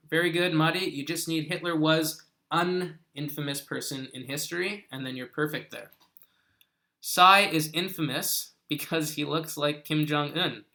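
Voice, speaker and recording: A man leads a live English lesson, speaking slowly and deliberately. His voice is bright and forward, sitting a little high for a man, and he walks students through their sentences with patience. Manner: patient, correcting viewer sentences from a chat. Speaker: English teacher.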